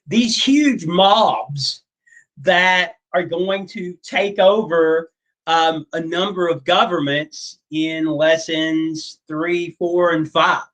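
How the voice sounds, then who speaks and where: A man's voice: a little high, a bit bright, low-quality recording. A man teaching a history class in a casual, joking way, with many fillers and asides. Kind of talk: classroom lecture.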